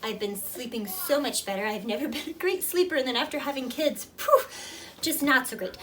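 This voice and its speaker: A woman's voice: high-pitched, fairly quick, fairly bright tone. A woman and mother giving a heartfelt review to camera, earnest and emotional, rambling with fillers. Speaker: product reviewer, mother of toddler twins. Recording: distant mic with clear background noise.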